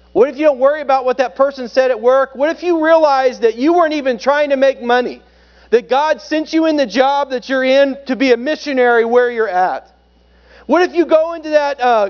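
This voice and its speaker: A man preaching a sermon as pastor, conversational and joking, swinging between loud and soft. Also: very high voice, lo-fi sound.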